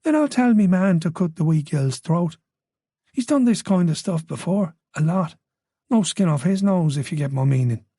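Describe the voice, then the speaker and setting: A man voicing a soft-spoken, menacing male caller with an Irish accent and a purring, soothing tone. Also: sits high, lively intonation, normal speed, husky, dry recording, clean studio sound, voice pushed up, exaggerated voice. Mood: menacing calm.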